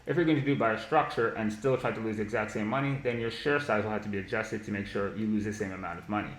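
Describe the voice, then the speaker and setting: A man's voice: on the low side, fairly even intonation, quick pace, fairly bright tone, roomy sound, low-quality recording. A man teaching trading on a live stream, blunt and profane, mocking ideas he dislikes and breaking into laughter. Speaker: market analysis streamer.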